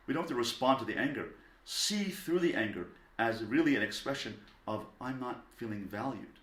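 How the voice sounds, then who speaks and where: A man, a rabbi, giving a parenting lecture in a calm, deliberate way, stressing single words. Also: mid-range voice. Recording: echoey room.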